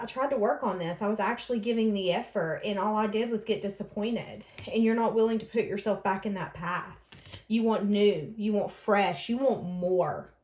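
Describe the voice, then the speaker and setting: Woman tarot reader, earnest and emotional, mid-pitched, in a roomy echo. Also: darkish tone. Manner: earnest, channels others' words in first person. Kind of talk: emotional tarot reading monologue.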